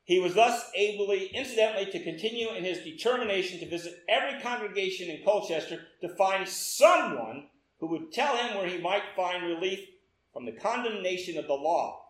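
A man preaching a sermon, telling a story in a lively way and quoting with emphatic repetition. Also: high voice, brisk, roomy sound, poor audio.

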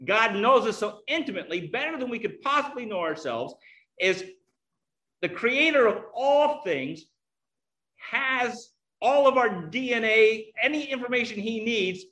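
A man's voice: very high-pitched, animated, measured pace, long pauses, sharp tone. A man preaching a sermon earnestly, teaching with illustrations.

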